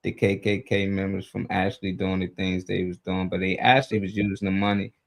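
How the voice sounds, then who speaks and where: A man's voice: deep voice, little pitch movement, a little fast, creaky. A man hosting a live morning talk show in casual chat, rambling loosely and laughing between his points.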